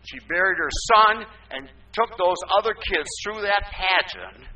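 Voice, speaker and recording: An older man preaching a sermon as pastor, asking rhetorical questions and swinging between loud emphasis and quiet asides. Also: sits high, animated, a little slow. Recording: distant mic with faint hum.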